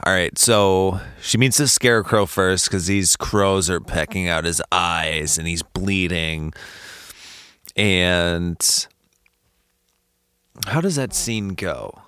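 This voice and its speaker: A man co-hosting a casual podcast, relaxed and agreeable, sketching out scenes as he talks. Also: low voice, takes it slowly, smooth, no room sound. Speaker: podcast co-host.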